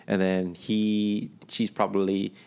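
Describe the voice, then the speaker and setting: Gravelly low-voiced man musing casually. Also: little pitch movement, slow, a little mellow. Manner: opinionated, musing, loose and profane. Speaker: podcast co-host. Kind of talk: casual chat.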